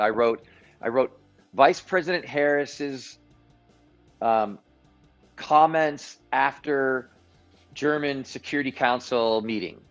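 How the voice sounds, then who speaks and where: A man's voice: mid-range voice, highs cut off. A man hosting a live-streamed show and giving emphatic, self-assured commentary with sarcastic asides. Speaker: show host. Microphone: live-stream mic.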